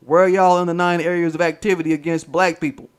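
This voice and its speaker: A man's voice: fairly high pitch, level tone, fast talker, clear, resonant tone. A man hosting a livestream, ranting in a profane, rambling way and talking to his chat. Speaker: livestream host. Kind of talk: casual livestream rant.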